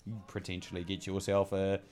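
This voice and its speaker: A man's voice: sits low, monotone, a little fast, a little mellow. A man, co-hosting a casual chat with opinionated, joking banter. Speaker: podcast co-host.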